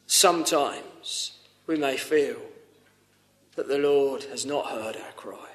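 A man's voice: medium pitch, takes it slowly, echoey room. A man preaching a sermon, earnest and pleading, rising to urgent appeals. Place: church.

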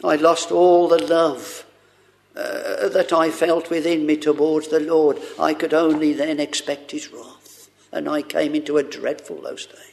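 A man preaching a sermon, speaking haltingly with many fillers and fervent exclamations. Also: fairly high pitch, little pitch movement, vocal fry.

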